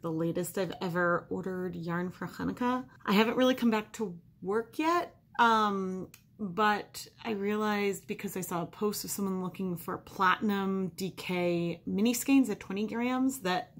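A woman's voice: medium pitch, fairly bright tone. A woman making a casual home vlog about dyeing yarn, talking in a chatty, candid way. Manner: chatty, candid, frequently laughing. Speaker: yarn dyer and vlogger. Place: home studio and garage.

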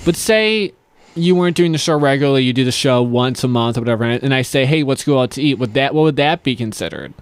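A man in mid-pitch chats on his podcast, poking fun and tripping over his own questions. The sound is close and dry, with no room around it. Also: animated, quick pace, smooth, no room sound. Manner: teasing, rambling, stammers and restarts. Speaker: podcast host. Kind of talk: casual chat. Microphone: studio mic.

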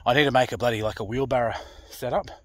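An Australian man talking casually to camera outdoors, rough-spoken and swearing freely, out of breath from hauling a load. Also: mid-range voice, quick pace, a bit bright, no echo. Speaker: pig hunter. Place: outdoors in the bush.

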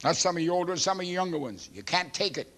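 A man in his seventies, a pastor preaching a sermon emphatically and clearing his throat often. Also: sits high, expressive, fast, a bit bright. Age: 70s.

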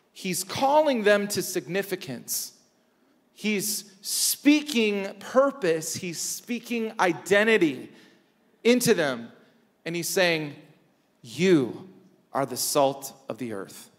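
A man's voice: sits high, sing-song. Guy pastor preaching, repeats lines for emphasis, big echoey church sound. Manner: preaching with emphatic repetition and dramatic pauses. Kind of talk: sermon. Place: large church hall. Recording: church hall reverb.

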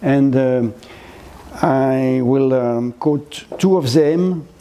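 Slow, hesitant French-accented older man. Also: medium pitch, mellow. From France. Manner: halting, many fillers and restarts. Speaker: guest lecturer. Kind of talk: gallery lecture. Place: lecture hall, seated.

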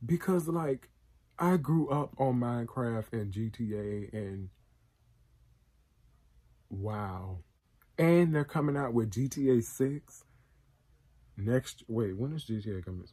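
Husky guy reacting to a trailer, gets all excited and emotional, lots of slang, just chatting. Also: mid-range voice, takes it slowly, pauses often. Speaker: reaction video host. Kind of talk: casual reaction commentary.

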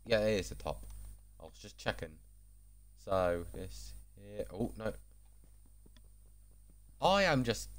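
A man casually commenting while building in a video game, chatty, rambling and self-deprecating. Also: low-pitched. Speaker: gaming channel host.

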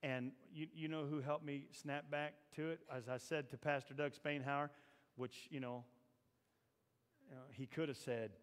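A man preaching a sermon in a church, shifting from low, confiding talk to loud, shouted exhortation. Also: fairly even intonation, normal speed, clear, resonant tone, big-room sound. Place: church sanctuary.

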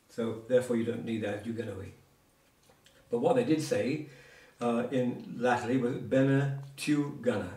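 A man with a medium-pitched, slightly mellow voice takes his time teaching Cornish words one-on-one. He's patient and casual, adding asides and examples, and the audio is roomy and distant.

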